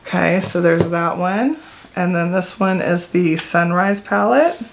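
A woman's voice: fairly low pitch, measured pace, vocal fry. Chatty woman reviewing makeup. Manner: chatty, rambling, with fillers and self-corrections. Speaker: beauty vlogger. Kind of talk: casual product talk to camera.

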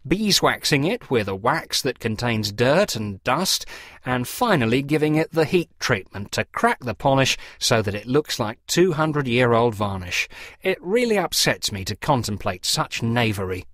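A man's voice: mid-range voice, fairly bright tone, dry recording, studio quality. A man voicing a fussy, pompous middle-aged clergyman who lectures in a precise, theatrical way.

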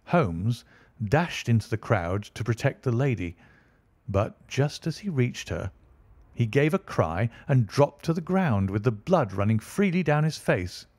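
A man narrates an audiobook in a steady, measured storytelling style. His voice is medium in pitch, and the recording is dry.

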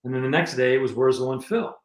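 A New man spins long, rambling road stories in a loose conversational way, stopping and restarting his sentences. His voice sits at an ordinary middle pitch. The recording carries a noticeable echo from the room. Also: quick pace. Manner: rambling anecdotes with many restarts. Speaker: guest musician and filmmaker. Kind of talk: casual storytelling interview.

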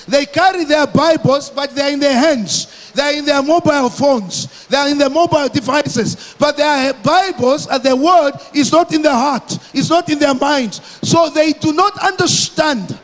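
Male pastor from Malawi, very high voice, slow emphatic sermon delivery, big church reverb. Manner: emphatic, repeats phrases, slow deliberate preaching.

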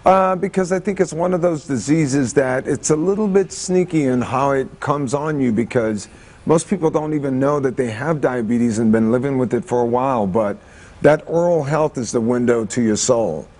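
A middle-aged man talking as a guest in a morning TV interview, relaxed and upbeat, with fillers. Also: mid-range voice, moderate pace. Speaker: celebrity guest.

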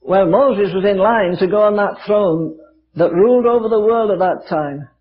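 A man's voice: high voice, normal speed. An older man preaching a sermon, telling stories with rhetorical questions and dry humor. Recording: dull lo-fi archive sermon recording.

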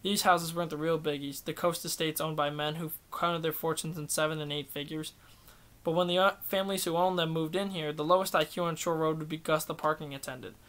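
Male amateur audiobook reader, slightly high pitch, steady unhurried delivery.

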